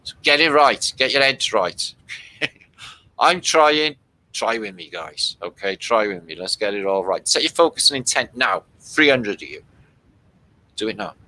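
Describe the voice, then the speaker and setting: Male streamer, bright-toned, loose and sweary, talks straight to chat. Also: medium pitch, animated, measured pace, poor audio. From Britain. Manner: rambling, sweary, reads out chat comments. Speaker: livestream host. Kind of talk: casual livestream chat with viewers.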